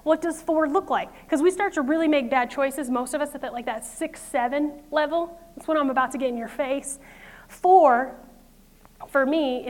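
A woman in her thirties preaching a sermon, talking casually and acting out her own inner thoughts with quick laughs. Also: high-pitched. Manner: lively, conversational, acts out inner voices with laughs. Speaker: pastor.

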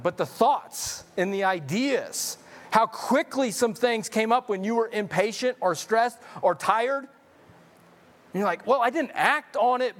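A male pastor preaching a sermon in an animated, joking way, often repeating words when he gets excited. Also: high-pitched.

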